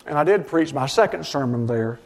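A man's voice: a little high, lively intonation, fairly quick, gravelly, slight background noise. A middle-aged man pastoring a church, preaching a sermon in an earnest storytelling way, often acting out what others said to him. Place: church sanctuary.

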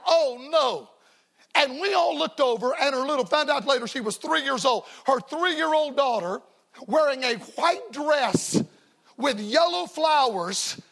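A man's voice: very high voice, a bit bright. A man preaching a revival sermon to a church congregation, folksy and emphatic, telling stories and hammering repeated refrains. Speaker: evangelist preacher.

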